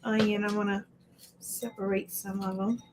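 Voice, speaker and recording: A woman's medium-pitched voice comes through a noisy background, holding a moderate pace with little pitch movement. She's a livestream cooking host at home who chats while chopping and calls out viewers by name mid-task.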